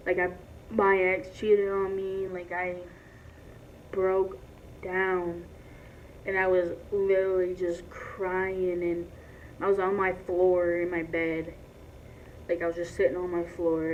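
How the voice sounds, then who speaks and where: A woman talks straight to her viewers in an unhurried, rambling way, leaning on "like" and restarting her sentences as she goes. She speaks loudly but at a slow, easy pace. The recording is dull and lo-fi, with a faint hiss underneath. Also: on the low side. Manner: talks loud. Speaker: vlogger. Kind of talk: casual talk to camera.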